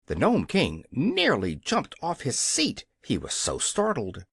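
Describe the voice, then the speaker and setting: An audiobook narrator reading a children's fantasy story in an expressive storytelling way. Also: mid-range voice, slow, creaky, breathy edge, no echo, studio quality. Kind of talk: scripted narration.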